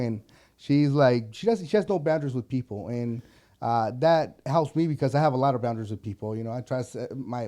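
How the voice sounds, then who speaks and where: A male guest talks earnestly in a halting way, restarting sentences and leaning on "you know". His voice is warm and mellow. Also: medium pitch. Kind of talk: casual interview conversation.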